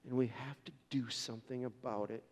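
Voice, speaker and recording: A man's voice: mid-range voice, steady tone, a little fast. Earnest male pastor in a reverberant hall. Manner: storytelling, earnest, with many restarts. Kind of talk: sermon.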